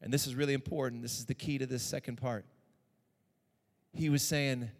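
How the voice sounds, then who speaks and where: A man preaching a sermon in an animated way, often repeating lines for emphasis. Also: medium pitch, moderate pace, long pauses, big-room sound.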